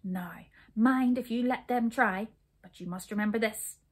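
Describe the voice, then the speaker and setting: A woman reading a storybook aloud, voicing a sly, scheming witch who talks slowly and coaxingly in a hushed, breathy voice. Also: a little high. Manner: slow, coaxing and conspiratorial.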